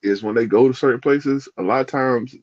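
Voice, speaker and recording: A man's voice: mid-range voice, a little fast, dry recording. A man in a casual podcast chat with a mid-range voice, rambling and restarting his sentences as he hunts for words. The sound is a little muffled and lo-fi, and very dry. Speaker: podcast co-host.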